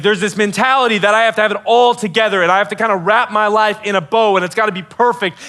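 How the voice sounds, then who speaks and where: A man's voice: high voice, pushed and bright. A man preaching a sermon to students in a casual, conversational way, full of fillers and acted-out quotes. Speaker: youth pastor.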